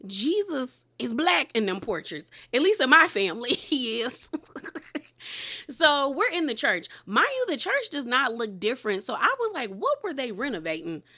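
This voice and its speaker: A woman giving a casual, animated review of a reality TV episode, with laughing asides and some candid remarks dropped to a whisper. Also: high-pitched, normal speed. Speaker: reality TV recap host.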